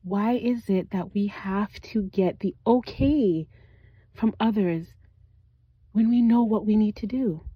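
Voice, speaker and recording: Slow-talking woman podcast host, lo-fi. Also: medium pitch, breathy edge, no room sound. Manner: conversational, asks the listener direct questions. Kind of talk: casual reflective monologue. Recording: dull lo-fi recording.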